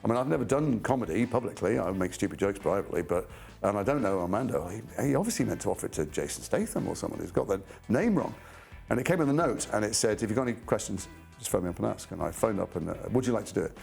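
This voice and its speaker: A middle-aged man speaking in a low, gravelly voice as he recalls stories from his acting work. He talks reflectively, restarting sentences and poking fun at himself. Soft music plays faintly underneath. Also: sing-song, fast talker. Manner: thoughtful, trailing restarts, self-deprecating. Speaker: actor interviewed about his career. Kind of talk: reflective anecdotal interview.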